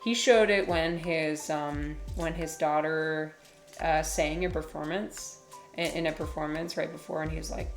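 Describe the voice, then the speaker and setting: A woman talking casually on a livestream, reading chat aloud. She is animated, swears freely, laughs often and uses many fillers. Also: low voice, moderate pace, soft background music.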